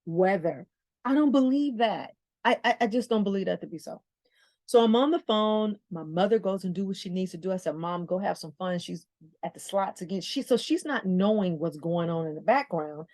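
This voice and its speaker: A middle-aged woman from the Bay Area hosting a podcast, telling a story with lively acted-out dialogue and repeated phrases. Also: medium pitch, normal speed, no echo. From San Francisco Bay Area. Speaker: podcast host. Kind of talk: storytelling motivational talk.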